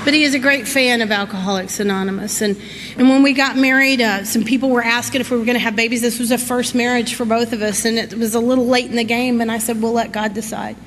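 A middle-aged woman, giving a folksy, animated personal recovery talk. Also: a little high, quick pace. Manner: folksy, animated, laughs through her story. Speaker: recovery meeting speaker. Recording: echoey hall with faint noise.

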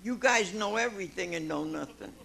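A woman's voice: on the low side, expressive, fairly quick, gravelly, a bit bright, breathy edge, poor audio. A woman in her nineties giving a folksy personal testimony to a meeting audience, calling listeners honey and laughing often. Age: 90s. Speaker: recovery meeting speaker. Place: meeting room before an audience.

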